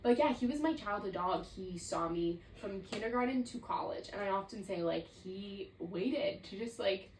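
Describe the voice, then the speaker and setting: Her medium-pitched voice is a little mellow as this twenty-something host rambles reflectively on her solo podcast, using "like" again and again. The low-quality recording has a roomy sound, a distant mic, and slight background noise.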